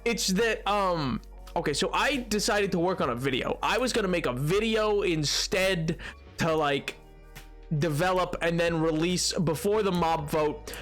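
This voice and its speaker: Man streaming a game, high voice, lively swoops, playful joking with chat, faint music behind. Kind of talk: casual live-stream chat while gaming.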